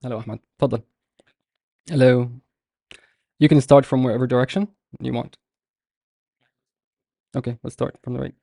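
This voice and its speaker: A man with a gravelly, mellow voice teaches a live online class. He explains patiently and step by step, pausing often. The sound is dry and close. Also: mid-range voice, fairly even intonation, dry recording. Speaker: Arabic teacher.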